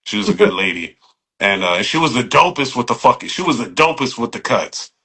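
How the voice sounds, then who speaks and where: A bright, forceful male voice, talking in an easy middle register. He is a middle-aged barber spinning stories as a podcast guest, salty and animated, full of "you know what I mean" and acted-out quotes. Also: medium pitch, fast talker, slightly rough. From San Jose, California. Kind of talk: casual storytelling conversation.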